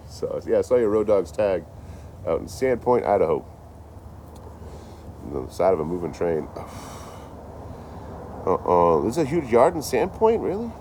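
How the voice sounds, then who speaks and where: A man's voice: fairly low pitch, very animated, a little slow, pauses often, a little mellow. Profane rambling man, noisy street. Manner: rambling, profane, laughs often. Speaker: traveling livestreamer. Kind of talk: casual livestream chat.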